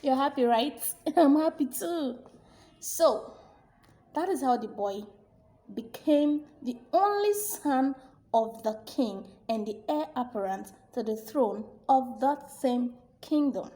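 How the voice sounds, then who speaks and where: Expressive woman storyteller, fairly high, mellow voice. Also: slow pace. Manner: animated, expressive. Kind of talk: storytelling narration.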